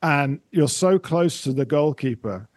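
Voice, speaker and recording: A man's voice: on the high side, expressive, measured pace, no echo, clean studio sound. A man from England, hosting a podcast interview and encouraging his guest with lots of restarts. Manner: warmly encouraging, full of restarts. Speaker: podcast host. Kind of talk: casual interview.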